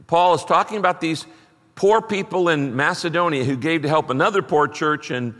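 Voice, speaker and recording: A man's voice: fairly high pitch, normal speed, a bit bright, long reverb tail. A middle-aged man preaching a sermon, emphatic and repeating his key phrases as he reads scripture aloud. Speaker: pastor.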